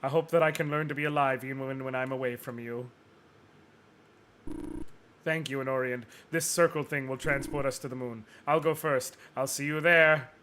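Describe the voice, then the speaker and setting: A man's voice: medium pitch, fairly even intonation, normal speed, a little hiss or hum, close to an everyday voice. A man voicing a gloating evil knight. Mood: remorseful. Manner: theatrical, gloating, swings to shouting rage. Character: arrogant villainous male knight, cruel and boastful. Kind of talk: dramatic reading of game dialogue. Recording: music behind the voice.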